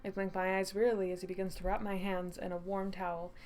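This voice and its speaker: A woman's voice: mid-range voice, little pitch movement, fast talker, darkish tone, slight background noise. A woman streaming a story game, reading the narration aloud and breaking into giggly, self-mocking asides.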